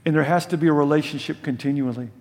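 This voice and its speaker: Speaking at a quick pace in a steady tone, an older pastor gives a conversational sermon, with a long reverb tail trailing his words. He puts questions to his listeners and moves between loud emphasis and soft, low-voiced asides.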